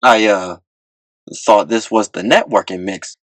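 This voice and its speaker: A man voicing a young, overconfident smooth talker who stammers when cornered. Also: fairly low pitch, measured pace, dry recording, close to an everyday voice. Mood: flustered. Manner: cocky yet flustered, stammering. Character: young male smooth talker, cocky but nervous.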